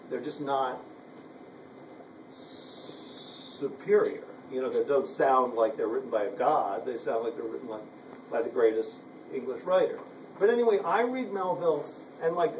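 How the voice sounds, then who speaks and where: A man's voice: medium pitch, darkish tone, slight background noise. A man teaching a writing workshop in a loose, rambling way, full of "you know" and "like.". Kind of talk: casual workshop talk. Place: room at a writers' retreat. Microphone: handheld camera from across the room. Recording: roomy, distant camera audio.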